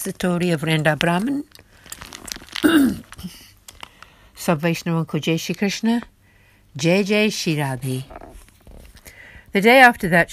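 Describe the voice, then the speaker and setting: Woman slowly reading devotional stories. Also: fairly low pitch, fairly bright tone, dry recording. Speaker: devotional story reader.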